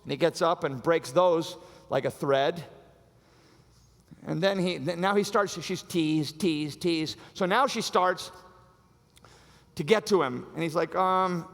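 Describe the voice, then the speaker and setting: Gravelly preacher in a big echoing hall. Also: male voice, on the high side, unhurried, long pauses. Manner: animated preaching with acted-out voices. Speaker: pastor. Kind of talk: sermon. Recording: long hall reverb.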